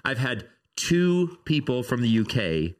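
A man's voice: medium pitch, sing-song, measured pace. A man co-hosting a casual podcast chat, teasing his co-host in dry banter.

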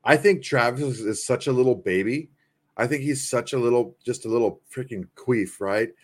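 A man's voice: mid-range voice, moderate pace. A man co-hosting a casual sports podcast, trading crude jokes. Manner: crude, joking banter. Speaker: podcast co-host.

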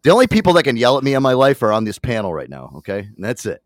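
A man co-hosting a radio show, telling a story in a casual, profane, animated way with frequent laughs. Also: medium pitch, very fast. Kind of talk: casual chat.

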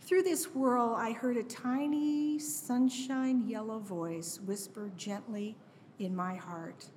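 A woman reading a personal memoir aloud, slow and earnest, with small stumbles on words. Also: fairly high pitch, fairly even intonation, a little mellow. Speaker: guest reader. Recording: long hall reverb, faint noise.

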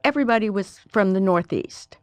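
An older woman from Alabama with a Southern accent, a history professor telling wry, lively stories in an interview. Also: medium pitch, a little fast, no room sound. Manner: lively, wry, animated storytelling. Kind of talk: interview, storytelling.

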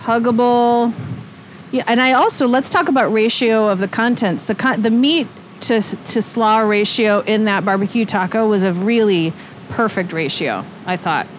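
A woman co-host in a relaxed chat, thinking out loud and often restarting her sentences. Her voice is a little high. A faint ambience hangs in the background. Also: moderate pace, a little hiss or hum. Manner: chatty, thinking aloud with restarts. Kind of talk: casual chat.

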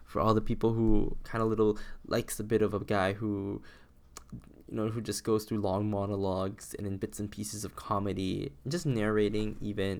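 A young man talks through a loose, meandering solo podcast monologue, doubling back on himself mid-sentence. Being sick has pushed his voice down into a low, gravelly register full of fry. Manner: meandering, self-interrupting, with frequent restarts. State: sick, voice lower than usual. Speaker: podcast host.

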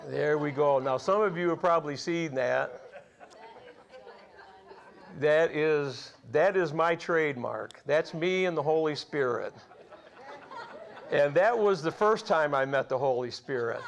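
A man's voice: fairly high pitch, unhurried, gravelly, pauses often, a faint crowd. A man over forty preaching a sermon, telling folksy personal stories and laughing at his own tales. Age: 40s or older.

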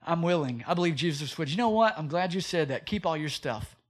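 A pastor delivers a sermon in a fairly high voice, rising and falling as he drives his points home. He asks rhetorical questions and breaks into acted quotes along the way. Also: lively intonation, a little fast.

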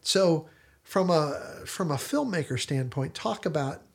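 A man's voice: fairly high pitch, lively intonation, measured pace, creaky. A man hosting a casual discussion podcast, retelling scenes in detailed storytelling fashion. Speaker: podcast host.

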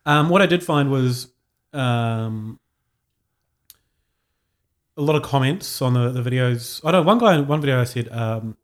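Rambling, laughing New Zealand podcaster. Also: male voice, medium pitch, animated, unhurried, pauses often. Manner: rambling, laughs often, many fillers. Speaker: podcast co-host. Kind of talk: casual chat.

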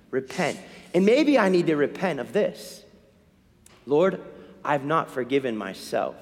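A man's voice: high voice, in a large hall. A man preaching a sermon as a Catholic priest, urgent and questioning, repeating lines for emphasis. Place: church.

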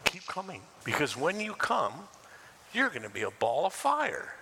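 Older pastor preaching with lively pitch. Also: male voice, measured pace, gravelly, noisy background. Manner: animated storytelling, acting out the scripture. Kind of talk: sermon. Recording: long hall reverb, faint ambience.

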